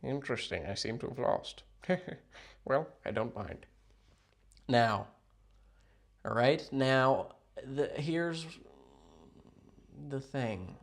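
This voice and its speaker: A man chatting casually with viewers on a livestream from a hotel room, rambling, playful and sarcastic, jumping between loud outbursts and mutters. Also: medium pitch, animated, slow pace, gravelly, pauses often. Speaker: livestream host.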